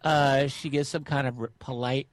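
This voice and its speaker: A middle-aged man on a radio interview, telling a witness's strange story in a relaxed way with many fillers. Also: medium pitch, normal speed, dry recording, clean studio sound. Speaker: guest researcher.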